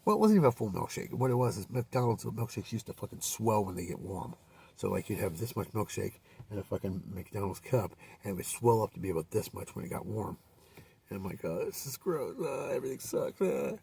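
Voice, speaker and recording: A man's voice: fairly low pitch, fairly quick, vocal fry, darkish tone, breathy edge, recorded from a distance. A man telling a rambling, profanity-filled personal story with many fillers and restarts.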